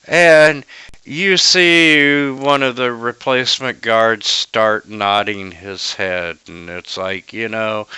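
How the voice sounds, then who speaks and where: A man's voice: medium pitch, slow pace, pushed and bright, smooth, no echo, poor audio. A man narrating a tabletop game as game master, rambling with lots of fillers and restarts.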